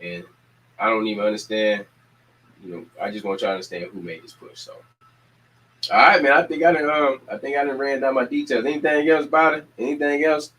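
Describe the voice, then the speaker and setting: Energetic man rallying his community. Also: mid-range voice, a little fast, rough recording. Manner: preacher-like repetition, energetic calls to action. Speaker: community organizer and show host. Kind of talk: casual community announcements.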